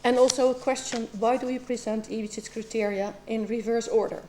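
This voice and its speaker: Measured woman examining a doctoral candidate. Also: fairly high pitch, steady tone, darkish tone, slight background noise. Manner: measured and precise, with occasional ums. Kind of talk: formal academic questioning.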